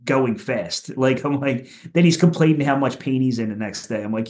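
A man from Philadelphia chats as a podcast guest in a loose, profane way. He pads his talk with "like" and "you know", and his voice climbs higher when a story gets funny. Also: normal speed, few pauses. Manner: animated, goes higher when telling funny bits. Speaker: punk rock musician guest.

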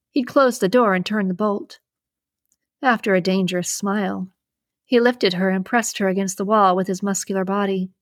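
A woman's voice: mid-range voice, no echo. Woman reading a novel, dry and close. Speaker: podcast host and reader. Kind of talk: reading an erotic thriller novel aloud.

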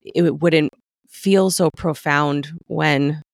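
A woman's voice: low-pitched, steady tone, extremely slow, creaky, dry recording. Reflective woman, dry close sound. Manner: reflective, searching for words with many restarts. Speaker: podcast co-host. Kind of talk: casual conversation.

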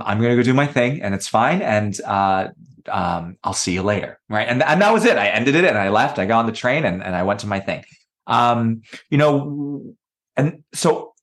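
A man's voice: mid-range voice, fairly bright tone. A man speaking as a podcast guest, telling personal stories in a reflective, conversational way and acting out the voices he quotes. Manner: thoughtful, acts out quoted voices.

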